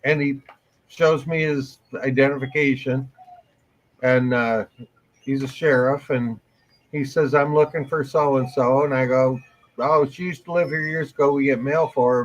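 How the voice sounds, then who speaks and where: A man's voice: mid-range voice, unhurried. A man co-hosting a morning show, telling rambling, crude anecdotes with laughs in casual chat. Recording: dull lo-fi live stream audio.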